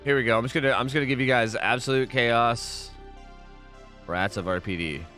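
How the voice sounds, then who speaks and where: A man's voice: mid-range voice, a little fast, pushed and bright, faint music behind. A man hosting a casual livestream who swears a lot, rambles, and keeps thanking subscribers.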